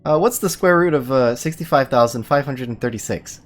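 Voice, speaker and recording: A woman's voice: rumbling low, brisk, soft background music. A woman putting on the voice of an upstanding scientist in a visual novel read aloud, speaking in an overly formal, businesslike way. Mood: brisk.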